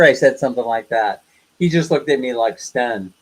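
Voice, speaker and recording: An older man from the West hosts a casual livestream, telling stories chattily, laughing often and acting out what people said. His voice is medium-pitched at a moderate pace, and the audio is poor.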